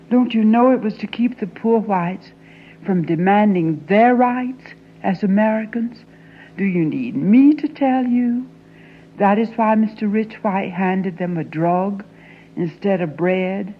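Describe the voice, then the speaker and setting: A woman performing a dramatic monologue as an anguished young Southern woman confronting her father, intense and often sinking into a hushed whisper. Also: mid-range voice, highs cut off.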